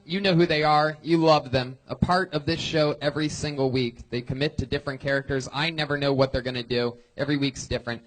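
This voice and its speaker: A man hosting a live comedy show, brash and crude, hyping the crowd with loud shouts. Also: on the high side. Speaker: comedy podcast host. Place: comedy club stage.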